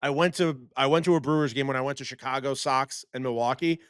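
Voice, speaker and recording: A young man co-hosting a casual sports chat, an excitable and animated storyteller. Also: medium pitch, quick pace, clear, resonant tone, dry recording, clean studio sound. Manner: excitable, animated storyteller who slips into impressions. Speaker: co-host.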